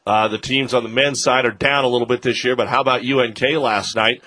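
A man hosting a sports radio show, briskly reading plugs and chatting about games. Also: medium pitch, steady tone, pushed and bright, no echo. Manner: brisk, reads promos and plugs.

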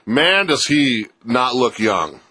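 A man's voice: mid-range voice, very animated, takes it slowly, pushed and bright, husky. Rambling joking sports radio co-host man. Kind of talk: casual sports radio banter.

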